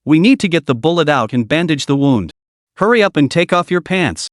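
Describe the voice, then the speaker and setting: Blunt protective soldier guy, narrator voicing him, kinda lively pitch, dry close sound. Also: a little fast, no echo, lightly acted. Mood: scolding. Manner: blunt, scolding. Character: gruff, protective male special forces instructor.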